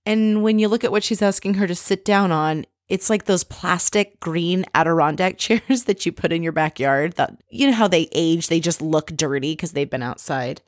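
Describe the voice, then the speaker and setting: A woman's voice: on the low side, normal speed, few pauses, dry recording, clean studio sound. A woman hosting a casual reality show recap, chatty and wry, with frequent laughs. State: married.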